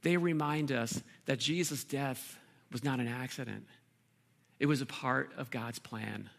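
Male pastor, sermon delivery, bright forceful tone, gravelly texture. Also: medium pitch. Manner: earnest preaching with pauses and repeated words.

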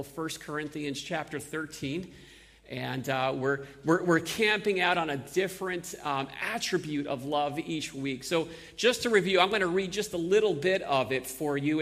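A man's voice: on the high side, fairly bright tone. A middle-aged man with a New York accent, a pastor telling a story in a casual, conversational sermon with many fillers and restarts. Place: church sanctuary. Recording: long reverb of a large hall.

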